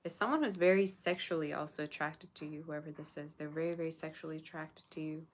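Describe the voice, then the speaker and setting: A woman's voice: deep voice, steady tone, quick pace. A woman doing a live tarot reading, chatting casually with her viewers. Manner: chatty, talks to viewers and chat. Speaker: tarot reader.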